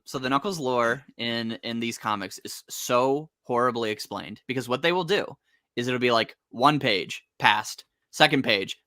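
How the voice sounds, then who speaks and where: A young man recaps a comic in a rambling, sarcastic flow, dropping into quick acted asides along the way. His voice sits at an ordinary male pitch but has a bright, forward edge. It is recorded close and dry. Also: dry recording. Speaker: podcast co-host. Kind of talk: casual comic recap chat.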